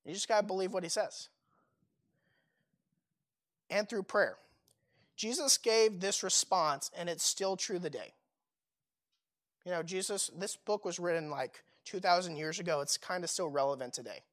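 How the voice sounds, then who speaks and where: A man's voice: high-pitched, normal speed, pauses often, fairly bright tone. A young man preaching a sermon in a casual, conversational way, full of fillers and rhetorical questions.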